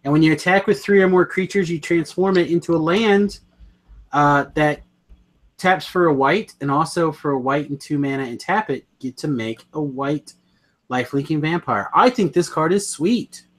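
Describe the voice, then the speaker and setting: Fairly high in pitch and moderate in pace, a man co-hosts a podcast. His talk is a relaxed, enthusiastic chat about card games, full of rambling and mid-sentence self-corrections.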